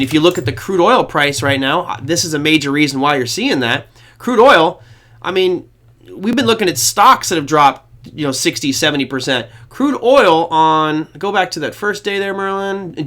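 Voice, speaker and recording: A chatty male host talks through market charts in a loose, rambling way. His voice is bright and forward, pitched a little above the usual for a man, and he often pokes fun at himself. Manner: rambling, chatty, self-deprecating. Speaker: trading show host. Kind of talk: casual market commentary to viewers.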